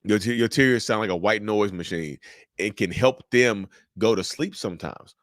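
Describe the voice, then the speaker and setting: A man giving casual, animated commentary to his viewers, repeating his points and calling them y'all. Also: on the low side, moderate pace, no echo, studio quality. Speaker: mental health commentator.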